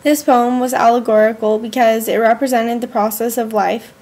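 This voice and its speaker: A woman, a student, reading her school journal aloud in an earnest, measured way with slow pauses. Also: a little high, steady tone, darkish tone.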